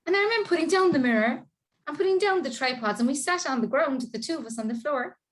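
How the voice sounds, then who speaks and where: An Irish woman in her fifties tells her own story in an interview, earnest and heartfelt. Her voice sits a little higher than most women's, and she brings the scenes to life by voicing the people in them. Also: lively intonation, fast. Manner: earnest, emotional, acts out quoted dialogue. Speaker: interview guest, parent carer. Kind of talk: personal storytelling in conversation.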